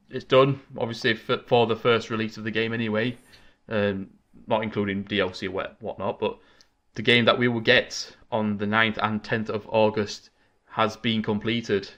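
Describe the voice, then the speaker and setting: A man hosting a casual gaming podcast, talking in an excitable, chatty, rambling way into a desk microphone. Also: lowish voice, normal speed, few pauses, highs cut off. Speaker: podcast host.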